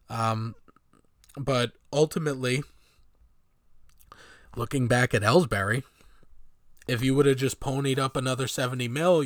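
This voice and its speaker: A man's voice: mid-range voice, fairly bright tone, no echo. Rambling man talking sports, dry sound. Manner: rambling, frequent fillers, sardonic asides. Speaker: sports commentator. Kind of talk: casual sports opinion monologue.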